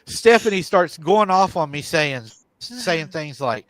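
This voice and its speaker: A man hosting a live paranormal show, retelling a viewer's encounter in an animated way and chuckling often. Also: on the high side, measured pace, a little hiss or hum.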